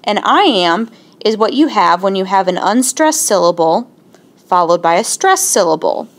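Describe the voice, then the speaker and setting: A woman teaching a lesson in a clear, patient way, slowing down to sound out syllables. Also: mid-range voice, lively intonation. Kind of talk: explaining a lesson.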